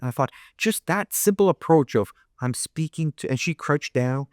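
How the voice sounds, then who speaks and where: A man's voice: fairly high pitch, animated, moderate pace, dry recording, clean studio sound. A middle-aged man hosting an interview, telling a family story with many restarts and acted-out voices. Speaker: host.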